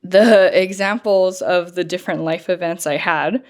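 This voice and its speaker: Woman, podcast co-host, casual chat, rambling storyteller, lower voice. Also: moderate pace. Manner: chatty storytelling with many fillers and laughs.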